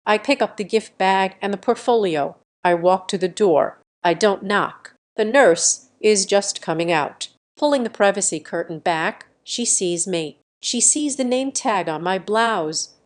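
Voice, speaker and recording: A woman narrating a first-person drama story in a calm, measured, dramatic way. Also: mid-range voice.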